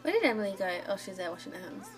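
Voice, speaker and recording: A woman's voice: mid-range voice, big pitch swings, rapid-fire. A woman casually commenting on a life-simulation game as she plays, chatty and giggly, cheering the characters on. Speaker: gaming channel host. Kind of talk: casual let's play commentary. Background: game music.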